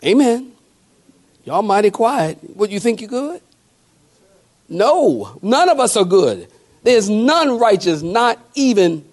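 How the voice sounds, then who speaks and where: A male pastor preaching a sermon in a folksy, conversational way, with call-and-response asides to the congregation, moving between slow emphatic scripture lines and quick joking remarks. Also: high-pitched, big pitch swings.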